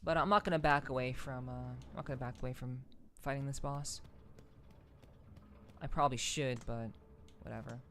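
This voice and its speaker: Low-voiced congested woman streamer. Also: fairly even intonation, normal speed, pauses often, noisy background. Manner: friendly greetings, many fillers and doubled words. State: congested, stuffy nose. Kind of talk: casual live-stream chat while gaming.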